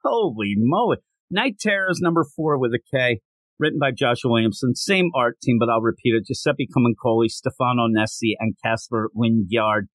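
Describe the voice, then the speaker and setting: A comic book reviewer and podcast host keeps things casual and joking on his show, full of digressions and chatty asides. His voice is mid-range, his pace moderate, and the sound has no echo.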